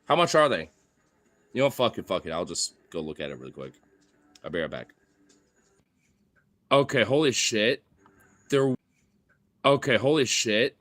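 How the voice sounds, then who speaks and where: A man's voice: fairly low pitch, lively intonation, moderate pace, pauses often, fairly bright tone. A man live-streaming casually, laughing, swearing and cheering on his dogs as they play. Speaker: livestreamer.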